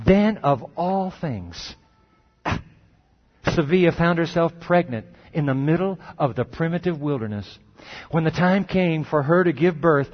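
A man preaching a sermon, telling a story dramatically and dropping his voice low and slow for emphasis. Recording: dull lo-fi recording.

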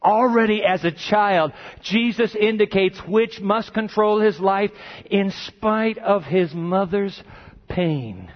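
A man preaching with a fairly high voice. He talks like a conversation, tossing questions to his listeners and swinging from quiet to loud. The recording is dull and muffled. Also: takes it slowly. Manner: lively, conversational, asks the congregation questions. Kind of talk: sermon.

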